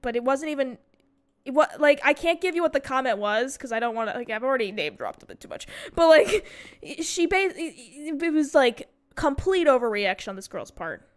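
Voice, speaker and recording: A young woman in her twenties with a high, bright-sounding voice tells a story casually while playing a game. She talks in an animated way, swears freely and slips into the voices of the people in her story. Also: moderate pace. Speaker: gaming streamer.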